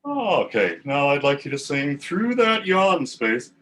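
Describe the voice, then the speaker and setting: A man teaching a choir warm-up, talking through breathing and vowel sounds and demonstrating them in calm, instructive speech. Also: on the high side, slow pace. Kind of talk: guided vocal warm-up lesson.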